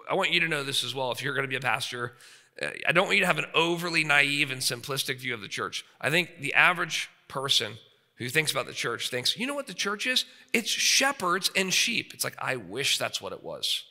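Male preacher, forties, gravelly edge, very bright forceful tone, emphatic sermon delivery, reverberant hall. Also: mid-range voice, lively intonation, fairly quick. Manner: emphatic, frequent rhetorical checks with the audience. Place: seminary chapel.

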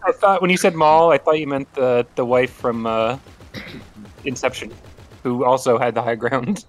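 A man's voice: mid-range voice, steady tone, moderate pace. A man joking animatedly with friends during an online game. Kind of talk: casual gaming chat with friends.

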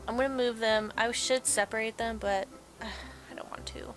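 A woman's voice: fairly high pitch, steady tone, moderate pace, over music. A woman hosting a casual late-night let's play, chatting and rambling to her game characters. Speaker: gaming channel host.

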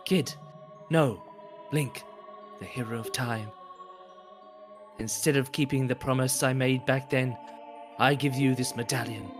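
A man's voice: mid-range voice, steady tone, a little slow, pauses often, over music, pitched below the performer's own voice, close to an everyday voice. A man voicing a bold, proud young desert woman warrior, reading game dialogue aloud with a dramatic touch. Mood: proud, earnest.

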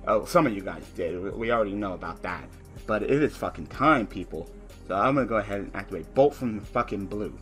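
A man's voice: expressive, fairly quick, fairly bright tone, soft background music. Profane, frustrated young man gaming. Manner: cursing, frustrated, muttering to the opponent; ranting in a high, laughing voice. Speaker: online card game streamer. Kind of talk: profane gameplay commentary.

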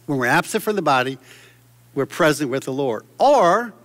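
A man's voice: medium pitch, brisk, fairly bright tone, long reverb tail. A man preaching a sermon from a church stage, fervent and exclamatory, often restarting his sentences. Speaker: pastor.

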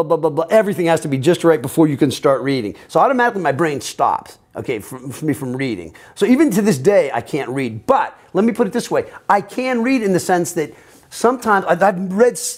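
A middle-aged American man telling his own story in an interview, rambling and profane, often quoting other people. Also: on the high side. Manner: profane, rambling, animated, quotes others in voices. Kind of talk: candid personal storytelling.

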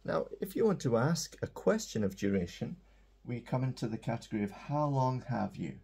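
A man's voice: mid-range voice, very animated, moderate pace, gravelly, a little mellow, slightly rough. A man teaching an English grammar lesson, explaining tenses and often checking in with "okay?".

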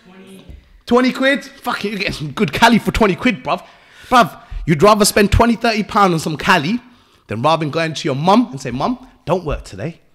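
A man's voice: high voice, lively intonation, fairly quick, fairly bright tone. A young English man with an English accent, a guest on a podcast interview, talking bluntly with street slang and swearing, lecturing his listeners. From England. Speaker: entrepreneur guest.

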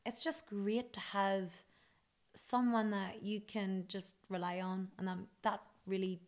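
A woman from Ireland with an Irish accent, talking as a guest in a casual interview, chatty and animated. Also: medium pitch, unhurried. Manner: chatty and animated, many restarts and "you know". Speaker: guest, country singer.

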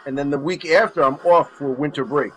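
A man guesting on a podcast in casual chat, playful and animated, joking around. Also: a little high, a little fast, faint music behind, rough recording. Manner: animated, playful, tries silly voices. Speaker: podcast guest, channel host.

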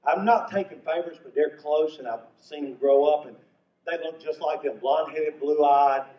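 A man's voice: a little high, moderate pace. An older man from North Carolina, telling stand-up comedy stories in a folksy way. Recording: echoey venue from far off, muffled.

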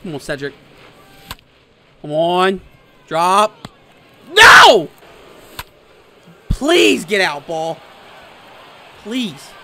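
A young man giving loud, swearing play-by-play reactions to a baseball video game, swinging from groans to shouts. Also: a little high, extremely slow, long pauses, a little hiss or hum. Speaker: gaming YouTuber. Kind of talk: live gameplay reaction commentary.

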